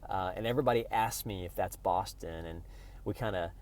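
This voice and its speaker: A man's voice: low voice, fairly quick, darkish tone, slight background noise. A man from Oklahoma talking casually to camera in a rambling, playful travel vlog, full of restarts. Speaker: vlogger.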